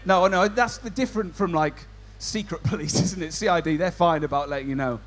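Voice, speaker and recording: A man's voice: on the high side, brisk, a bit bright. A man compering a stand-up comedy show, doing cheeky banter with the audience. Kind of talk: crowd work stand-up.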